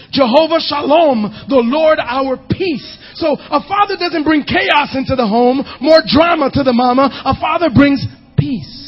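A male pastor preaching a sermon, emphatic, often shouting and half-singing his lines. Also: very high-pitched, slightly rough, muffled recording.

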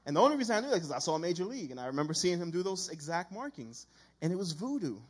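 Husky-voiced man preaching a story. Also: sits high, rapid-fire. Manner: conversational, animated, acts out quoted dialogue. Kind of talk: storytelling sermon.

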